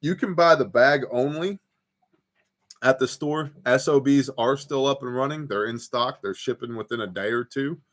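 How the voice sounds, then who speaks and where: A prepper livestream host broadcasts casually from his home porch, reading viewer comments aloud and telling rambling, filler-heavy stories in a laid-back way. His mid-range voice is fairly bright and moderately paced.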